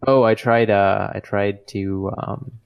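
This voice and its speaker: A man's voice: on the low side, steady tone, slow, gravelly, smooth, dull audio. A man co-hosting a casual podcast chat, rambling loosely with lots of fillers. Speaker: podcast co-host.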